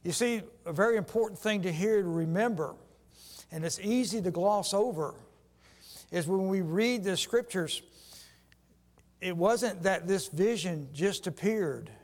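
A male preacher tells scripture as a story, speeding up and slowing down to stress points. His voice sits high for a man, and the long echo of a large hall trails after every phrase. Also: a little mellow. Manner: storytelling retelling of scripture, shifting pace for emphasis. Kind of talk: sermon.

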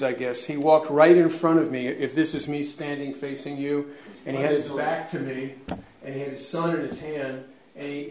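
A man's voice: on the high side, a little mellow, a little hiss or hum. Earnest man minister, roomy sound. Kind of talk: personal testimony. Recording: roomy echo.

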